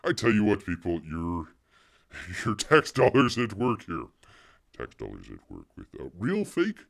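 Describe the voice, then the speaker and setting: A man's voice: lowish voice, wildly swooping pitch, normal speed, gravelly. A middle-aged man hosting a casual livestream, sarcastic and rambling, full of fillers and restarts, calling himself by name in the third person. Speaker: livestream host.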